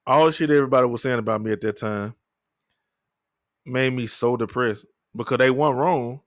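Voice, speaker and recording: A young man telling his life story in a candid, profane, rambling way, often low-key and downcast. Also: brisk, no echo, clean studio sound. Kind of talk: personal storytelling monologue.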